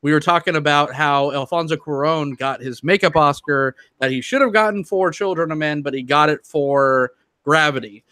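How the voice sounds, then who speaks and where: A man hosting a film podcast, his voice bright and fairly high for a man. He talks in an easygoing way and moves the discussion along. The sound is dry and close. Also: moderate pace, no room sound. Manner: easygoing, steers the talk between segments. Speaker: podcast host.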